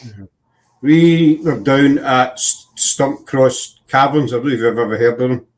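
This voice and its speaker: In an unhurried, mid-range voice, a Scottish podcast host with a Scottish accent keeps the conversation casual, telling meandering stories full of fillers and false starts.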